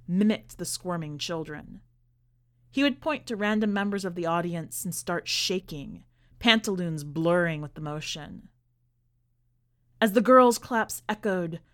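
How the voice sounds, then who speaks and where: A woman reading fiction aloud for a podcast in a measured, expressive way. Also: on the low side. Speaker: podcast editor and reader. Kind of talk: scripted story narration.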